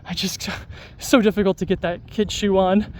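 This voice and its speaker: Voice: medium pitch, little pitch movement, moderate pace, darkish tone, a little hiss or hum. An adult vlogger talking casually to the camera while out on a dog walk, rambling with lots of fillers and restarts. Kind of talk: casual vlog talk to camera.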